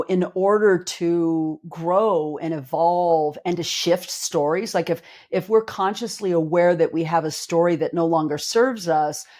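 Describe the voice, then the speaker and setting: A woman with a fairly low voice talks through her ideas as a clinical psychologist on a podcast. She explains earnestly and with emphasis, in a relaxed, conversational way, often reaching for everyday examples to make her point. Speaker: clinical psychologist and life coach.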